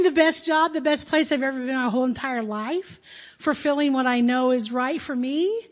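A woman's voice: high voice, dull audio. A woman on a church's staff addressing the congregation in a jovial way, laughing often between phrases. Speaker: church staff member leading the meeting.

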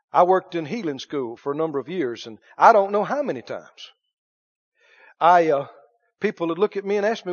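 A man preaching a lively sermon, dropping to hushed asides and rising to shouts. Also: high-pitched, highs cut off.

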